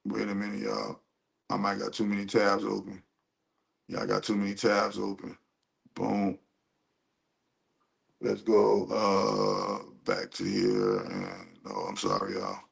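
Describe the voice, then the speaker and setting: A man with a gravelly, fry-edged voice talks over a video he is reacting to. His delivery is animated and profane, and he reads search results aloud as he goes. It is casual stream commentary. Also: fairly low pitch, slow pace, pauses often.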